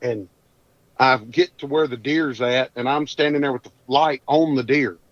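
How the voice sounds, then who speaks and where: A man's voice: medium pitch, normal speed, dry recording. A man, a podcast guest telling a hunting story in a folksy, rambling drawl. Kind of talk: casual storytelling. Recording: dull dry lo-fi audio.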